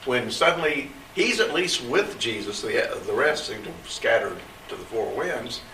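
In a Bible class group discussion, a man of medium pitch speaks at normal speed with lively intonation and a sharp tone, thoughtfully recounting scripture in everyday language. He is recorded from a distance in a roomy space, with a bit of hiss or hum.

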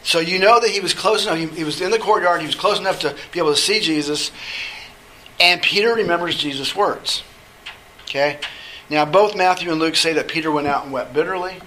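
Man leading a bright Bible study. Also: on the high side, fairly quick, slight background noise, poor audio. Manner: checks in often with "okay?". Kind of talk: conversational Bible teaching.

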